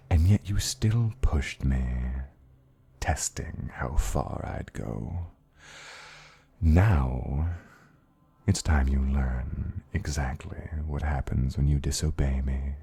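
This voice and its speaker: A man playing a domineering, seductive man who demands obedience, speaking slowly and commandingly. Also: rumbling low, creaky, warm tone, slightly rough, heavily acted. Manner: slow, commanding, sultry.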